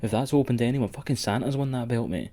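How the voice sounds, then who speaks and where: A man's voice: medium pitch, fast talker, dark tone. A man co-hosting a wrestling podcast in sweary, rambling casual chat. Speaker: podcast co-host.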